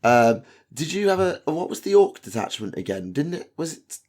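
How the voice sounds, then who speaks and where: A man's voice: a little high, very animated, normal speed, a little mellow. A man with a South Yorkshire accent hosting a casual podcast chat, rambling with lots of ums and swearing freely. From South Yorkshire, England. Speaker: podcast host.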